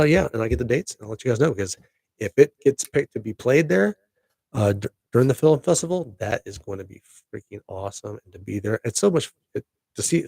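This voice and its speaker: A man's voice: medium pitch, gravelly, a little mellow, husky, dry recording. A middle-aged man hosting a casual live podcast stream, rambling upbeat to his viewers. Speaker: podcast host.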